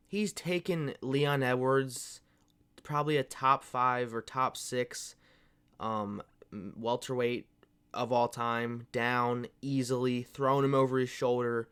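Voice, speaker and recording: A man's voice: mid-range voice, fairly bright tone, clear, resonant tone. Fired-up swearing man ranting casually. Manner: profane, fired-up and rambling, calls viewers "bro". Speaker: MMA commentary channel host. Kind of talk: casual opinion rant.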